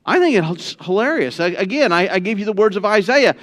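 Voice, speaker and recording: A man with a high-pitched voice preaches a sermon from a church pulpit. He talks to the congregation in a joking, conversational way, then climbs to loud, emphatic peaks before dropping back to quiet asides. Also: animated, fairly quick, hardly any pauses. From Texas. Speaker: pastor. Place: church sanctuary.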